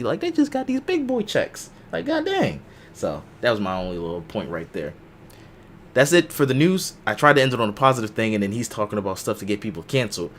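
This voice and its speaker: A man's voice: fairly low pitch, a little hiss or hum. A man hosting a casual live chat show, joking and telling stories in a loose, slangy way. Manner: animated storyteller, slangy and joking. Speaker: podcast host.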